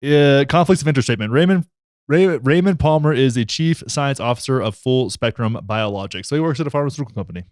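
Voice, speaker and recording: A young man giving sarcastic vlog commentary, reading a text aloud with mock outrage and deadpan asides. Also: mid-range voice, fairly quick, no echo, clean studio sound. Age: young adult. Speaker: vlogger.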